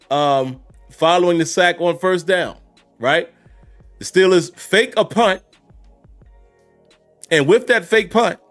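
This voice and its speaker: A man giving casual, conversational reactions to a football game, talking straight to his viewers. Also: a little high. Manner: conversational, addresses viewers as y'all and guys. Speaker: sports commentator host.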